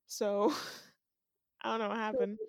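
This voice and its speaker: A woman's voice: mid-range voice, measured pace, no echo, clean studio sound. A young woman casually recounting a dream to a friend, often laughing as she tells it. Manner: laughs often, animated storytelling. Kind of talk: casual chat telling a dream.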